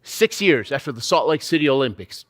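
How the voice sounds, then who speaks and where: A keynote speaker with an expressive, medium-pitched voice gives a brisk motivational address. He tells a vivid, dramatic story, adding sound effects and emphatic rhetorical questions.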